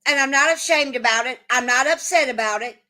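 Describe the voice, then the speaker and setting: High-pitched and sharp in tone, a woman talks fairly quickly while hosting a casual livestream. Swearing is constant, and she argues with her chat, answering them combatively and profanely.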